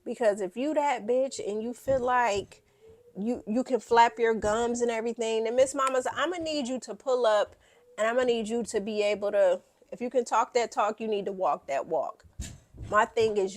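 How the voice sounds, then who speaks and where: A woman hosting a reality TV recap in a casual, blunt and profane way, animated as she talks. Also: on the high side, moderate pace.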